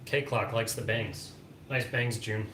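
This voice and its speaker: With a lowish, steady, somewhat bright voice and a measured pace, a man reads viewer chat aloud while co-hosting a home livestream. His casual talk is dry and wry, and the echoey room carries clear background noise.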